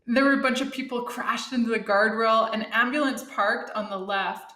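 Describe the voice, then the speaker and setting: A middle-aged woman, a former Olympic athlete, telling animated stories in a casual podcast interview, laughing often. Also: on the high side, normal speed, echoey room.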